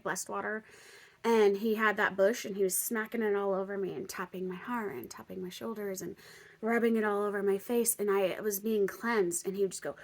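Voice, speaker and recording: A young woman vlogger telling a personal story, animated and chatty, acting out both sides of a conversation with lots of "like". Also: mid-range voice. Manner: animated, lots of "like", acts out dialogue.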